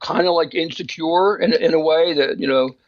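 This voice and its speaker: A man's voice: a little high, moderate pace, lo-fi sound. A man co-hosting a casual chat, talking emphatically and opinionatedly in bursts, with frequent restarts. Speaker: magazine co-host discussing photographers.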